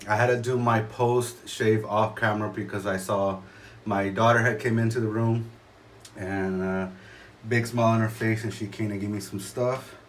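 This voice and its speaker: Low-voiced man chatting on a shaving vlog. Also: fairly even intonation, a little hiss or hum. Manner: rambling, halting, many fillers and restarts. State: a little choked up. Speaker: shaving vlogger. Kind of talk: casual chat to camera. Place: indoor room at home.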